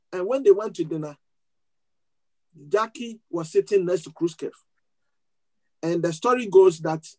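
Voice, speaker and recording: A male preacher telling a story from the pulpit, lively and chatty. He often stumbles and repeats words as he searches for the next thing to say, then pushes on. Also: high-pitched, rough recording. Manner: repetitive restarts, animated storytelling with laughs. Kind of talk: sermon storytelling.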